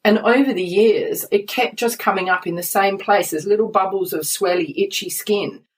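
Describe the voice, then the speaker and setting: A woman's voice: mid-range voice, moderate pace, far from the mic. A woman, hosting a podcast in a chatty way and prompting her guest with questions. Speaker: podcast host. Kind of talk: casual podcast conversation.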